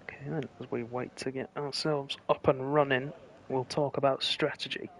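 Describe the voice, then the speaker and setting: A man commentating live on an online racing stream, calling the action in a brisk play-by-play manner. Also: mid-range voice. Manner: brisk play-by-play, rising excitement at close finishes. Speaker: lead commentator.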